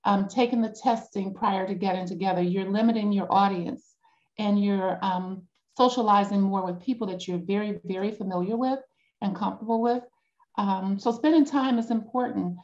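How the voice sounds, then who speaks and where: A woman leads a support group over a video call. Her tone is encouraging, and she pauses often with ums. Her voice has a middle pitch, and the audio sounds a little dull. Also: fairly even intonation, darkish tone. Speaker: grief support group facilitator. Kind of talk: group discussion.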